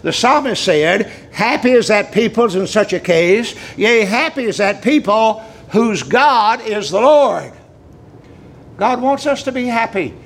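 Older preacher, high folksy voice. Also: male voice, a little hiss or hum. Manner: folksy storytelling, drawn-out pauses with many uh fillers. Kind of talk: sermon.

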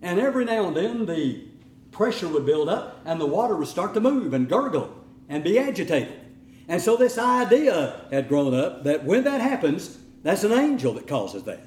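A middle-aged man preaching a sermon in an animated way, sometimes mimicking whiny voices. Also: high-pitched, moderate pace, roomy sound, a little hiss or hum. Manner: animated, acts out whining voices.

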